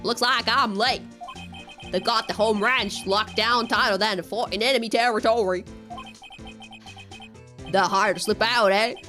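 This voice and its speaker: A woman's voice: a little high, steady tone, measured pace, long pauses, pushed and bright, faint music behind. A woman voicing a laid-back male cowboy detective with a put-on Western drawl, reading game dialogue aloud. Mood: folksy. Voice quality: drawling, folksy.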